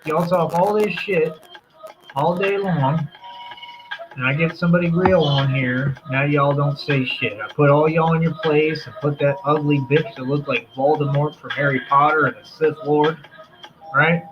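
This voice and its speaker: A man's voice: fairly high pitch, fairly even intonation, moderate pace. Brash, profane male livestreamer, ranting; muffled lo-fi stream sound with music underneath. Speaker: livestream host. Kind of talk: casual livestream chat. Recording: dull lo-fi stream audio with music.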